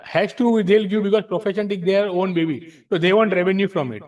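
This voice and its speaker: A man with an Indian English accent, high-pitched and fairly quick with a darkish tone, explains rules to a study circle of tax practitioners in a library meeting room. He mixes English and Hindi, speaking frankly and emphatically and repeating himself. The audio sounds dull.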